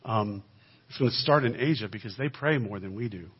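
A man giving a sermon-style talk as a guest speaker, swinging between loud emphasis and quiet asides. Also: fairly low pitch, brisk, husky. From United States. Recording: dull lo-fi recording.

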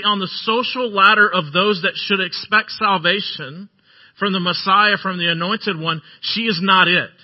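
A man's voice: high-pitched, slightly rough. A male pastor giving a sermon, earnest and emphatic, repeating phrases to drive points home. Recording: dull lo-fi sermon recording.

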